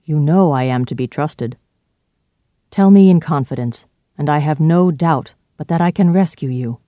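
A reader voicing a calm, worried male lawyer in a storybook reading, speaking slowly and gravely. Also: mid-range voice, no echo, studio quality, lightly acted. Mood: reassuring.

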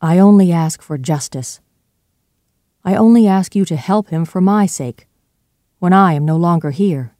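A reader voicing a fifty-year-old male doctor in a storybook reading, earnest and pleading but turning sharp and firm when pressed. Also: mid-range voice, lively intonation, moderate pace, dry recording, clean studio sound, natural voice.

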